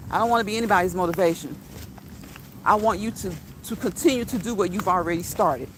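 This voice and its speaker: A woman's voice: mid-range voice, a little hiss or hum. Blunt, slangy woman talking on a walk. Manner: blunt, repetitive, laughs often, slangy. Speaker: channel host. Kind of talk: casual walk-and-talk livestream.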